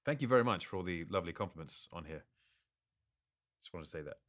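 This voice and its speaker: Low-voiced man in a relaxed Q&A. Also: fast talker. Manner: reads questions aloud, relaxed and good-humored; stumbles and restarts in thought. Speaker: actor answering fan questions. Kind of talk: live social-media Q&A.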